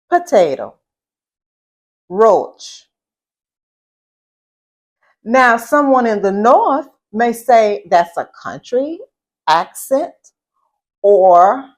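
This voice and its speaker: Her voice sits on the high side as she delivers an instructional talk on etiquette and speech. She's middle-aged, from Southeast Louisiana with a Southern accent, and she speaks deliberately, going over points again and questioning the listener.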